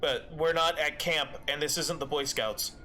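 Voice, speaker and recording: Here a man with a fairly high pitch talks at a moderate pace. He's streaming a game and making casual chat that rambles, packed with fillers and restarts.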